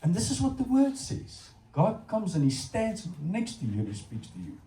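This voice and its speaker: A middle-aged man with a South African accent preaches a sermon, telling stories and talking straight to his congregation. His voice is a touch high and swoops up and down with lively energy. He sounds far from the mic in a roomy, echoing church hall. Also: moderate pace. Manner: animated storytelling, addressing the congregation directly.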